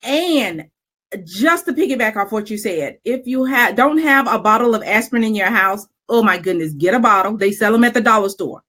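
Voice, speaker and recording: A middle-aged woman, telling a personal story in a casual chat, candid and animated, with lots of fillers and laughs. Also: fairly high pitch, moderate pace.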